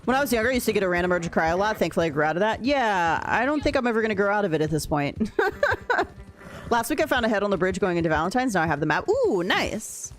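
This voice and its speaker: Fast and medium-pitched with big swings in pitch, this streamer's voice keeps up casual gaming chatter with viewers. She laughs often and reads and replies to chat messages.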